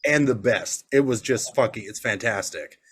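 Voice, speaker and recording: Speaking at normal speed in a slightly rough, mid-range voice, a father co-hosting a podcast chats casually. His stories are profane and lively, and he acts out the quoted lines.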